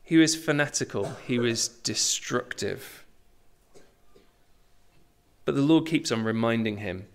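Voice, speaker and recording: Animated preacher. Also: male voice, medium pitch, takes it slowly, gravelly, long pauses. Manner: conversational and animated, with asides and self-deprecating humour. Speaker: pastor. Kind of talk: sermon.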